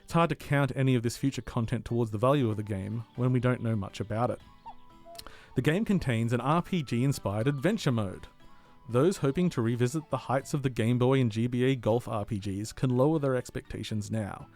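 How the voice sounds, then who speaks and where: A man's voice: mid-range voice, brisk, darkish tone, soft background music. A man co-hosting a community radio games podcast, who chats eagerly and laughs easily, then reads out a scripted game review. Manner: enthusiastic, chatty, laughs easily. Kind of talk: casual chat, then read-out review.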